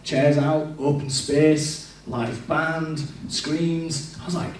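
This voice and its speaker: His slightly high voice stays steady at a moderate pace, with hardly any pauses. Standing before a church service in a large, echoey hall and recorded from a distance, he gives a candid testimony, narrating his story and imitating what he once said.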